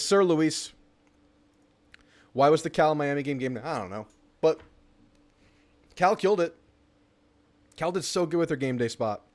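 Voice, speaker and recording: A young man, hosting a live fan stream about college football, reading chat comments and reacting to a game. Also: medium pitch. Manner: excitable, reads chat comments aloud. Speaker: sports talk show host.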